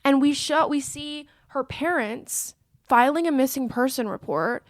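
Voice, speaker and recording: A woman's voice: high voice, measured pace, dry recording, studio quality. A woman co-hosting a casual film recap podcast, retelling scenes with animation and acting out the characters' lines. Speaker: podcast co-host.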